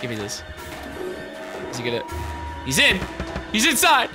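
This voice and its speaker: A man's voice: high voice, huge pitch swings, moderate pace, music in the background. A man giving let's play commentary who swears a lot, yelps when startled and jokes to himself between bursts. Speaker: gaming YouTuber.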